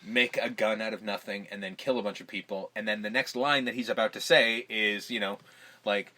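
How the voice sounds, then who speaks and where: A man's voice: fairly low pitch, a little fast. A man co-hosting a podcast, casually retelling a movie scene by scene, acting out the lines and swearing freely. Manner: animated, acts out quoted lines, swears casually. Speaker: podcast co-host. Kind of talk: casual movie recap chat.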